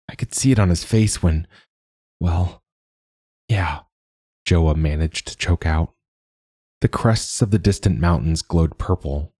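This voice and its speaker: A man narrating an audiobook in a measured, steady way. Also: a bass voice, husky, dry recording, studio quality.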